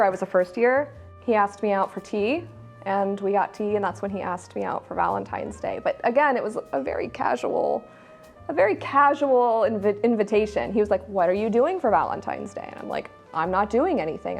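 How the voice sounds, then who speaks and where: A woman telling a story in a chatty, amused way. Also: medium pitch. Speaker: interviewee.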